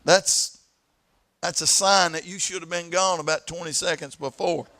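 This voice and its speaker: A pastor from the southern United States with an East Tennessee accent, preaching a sermon in a storytelling way, repeating words and stretching out key phrases. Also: male voice, fairly high pitch, fairly even intonation, moderate pace, creaky, pushed and bright. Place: church sanctuary.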